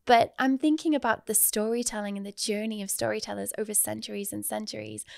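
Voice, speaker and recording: A woman's voice: medium pitch, vocal fry, no echo, studio quality. A woman podcast host interviewing her guest in an enthusiastic, inquisitive way, often affirming what she hears. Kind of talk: interview conversation.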